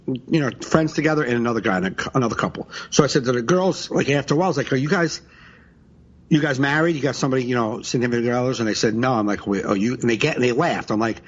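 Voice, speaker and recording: Husky-voiced guy cracking crude jokes on a podcast, kinda dull lo-fi sound, laughs a lot. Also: medium pitch. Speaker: comedian co-host. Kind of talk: casual podcast chat.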